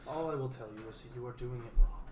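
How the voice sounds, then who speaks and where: A man's voice: medium pitch, fast talker, echoey room, very noisy, close to an everyday voice. A man voicing a defiant captive who threatens revenge, close to his own voice.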